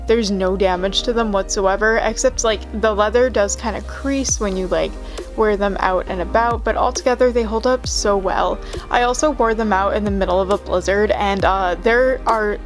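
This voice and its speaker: A young woman vlogging casually in her bedroom, gushing and excitable as she unboxes and tries on shoes. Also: medium pitch, moderate pace, faint music behind, low-quality recording.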